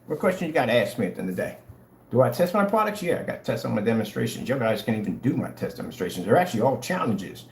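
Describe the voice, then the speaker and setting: A man's voice: medium pitch, very animated, quick pace, a little mellow. Taunting man ranting on a livestream. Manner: taunting, sarcastic, challenges viewers. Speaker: livestream host selling projector screen paint. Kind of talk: livestream rant to chat. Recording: roomy room echo, faint hum.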